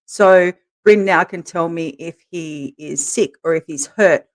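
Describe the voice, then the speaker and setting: A woman co-hosting a podcast, telling candid stories in a relaxed way and laughing as she goes. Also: on the low side, a little slow. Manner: laughs through her stories, animated quoting. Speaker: podcast co-host, interviewed as guest. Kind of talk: candid conversational storytelling.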